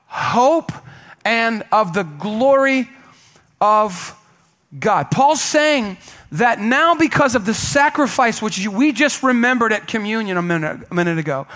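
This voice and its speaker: Male pastor, high-pitched, emphatic sermon delivery, call-and-response with the congregation. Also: expressive, measured pace, bright, forceful tone. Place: church sanctuary.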